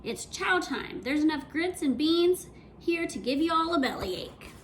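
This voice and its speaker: A woman's voice: sits high, animated, unhurried, background noise, pitched above the performer's own voice. Storybook good-guy cowboy, folksy and cheerful drawl, put on by a woman reader. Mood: hearty. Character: hearty friendly male cowboy leader.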